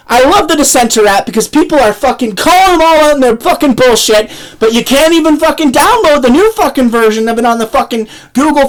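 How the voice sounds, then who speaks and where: A woman's voice: sits high, animated, brisk, hardly any pauses, rough recording. Foul-mouthed woman ranting. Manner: profane, swearing constantly, heated. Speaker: political vlogger. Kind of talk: angry political rant.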